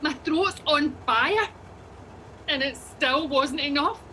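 A high, bright-toned Scottish woman, frazzled and defensive, tearful and snapping in a comic audio drama. A faint hiss of noise sits under the voice. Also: takes it slowly, heavily acted. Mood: flustered.

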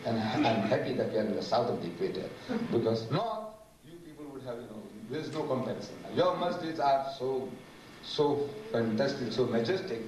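A man gives an animated, humorous public lecture and sometimes mimics other voices. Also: medium pitch, moderate pace, crowd noise. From South Africa. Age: 70s. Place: large lecture hall. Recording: echoey hall, distant mic, noisy.

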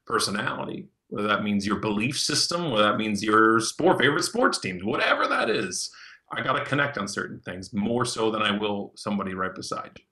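A man, a podcast guest, telling stories in an animated way and often repeating words as he starts his sentences. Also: lowish voice, a little fast. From Canada. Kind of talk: casual podcast interview.

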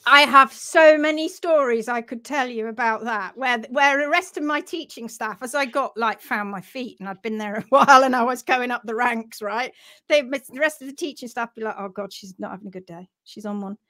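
A woman telling a funny story on a live stream, animated and self-mocking, laughing often. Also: a little high, moderate pace. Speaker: host of a live horse-care session.

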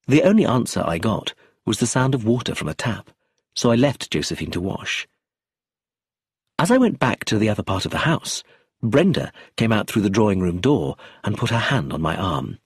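A man narrating a story in a scripted reading voice, husky and breathy, close to the mic. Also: on the low side, very animated, moderate pace, no echo. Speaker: audiobook narrator.

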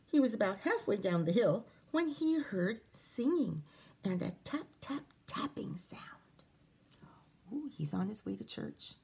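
A woman teacher reading a picture book aloud to children, expressive, with chatty asides to her listeners. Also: mid-range voice, a little slow, gravelly, a little hiss or hum.

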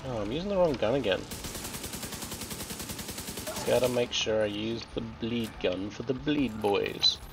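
A man's voice: mid-range voice, measured pace, pauses often, noisy background. A man with an Australian accent chatting casually and joking while he plays and comments on a shooter game. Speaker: streamer. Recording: game gunfire and explosions loud behind voice.

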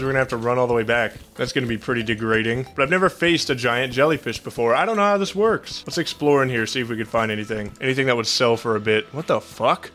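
A young man giving excitable, profane gameplay commentary as a gaming channel host, with panicky outbursts. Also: medium pitch.

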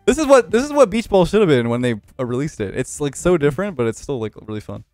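A man gives lively, casual commentary over a video game. His voice sits a little high and swings wildly, from mumbled asides to shouted cheers. Game music runs faintly underneath. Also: quick pace, no room sound. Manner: excitable, loud bursts of cheering and laughter. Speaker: gaming channel host.

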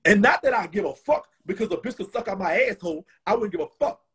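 A man with a Southern US accent hosts a live stream while tipsy, and his rough, husky voice runs high. He swings up and down in pitch, talking in a profane, rambling, animated way. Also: fast. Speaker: host. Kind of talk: casual live stream chat.

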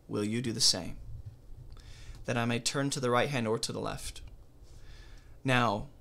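Bright-voiced man teaching a Bible study. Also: mid-range voice.

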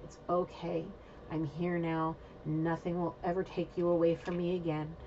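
A woman voicing a tender young woman who softly comforts her crying lover in a hushed, soothing way. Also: on the low side, little pitch movement, moderate pace, lo-fi sound, slight background noise, close to an everyday voice.

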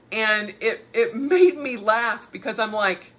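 A middle-aged woman telling a story in a chatty, animated way, with laughing asides. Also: medium pitch, moderate pace, few pauses. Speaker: podcast host. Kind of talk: casual personal monologue.

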